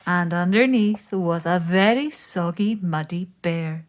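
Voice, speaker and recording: A woman reading a children's picture book aloud, with slow, expressive storytelling. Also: fairly low pitch.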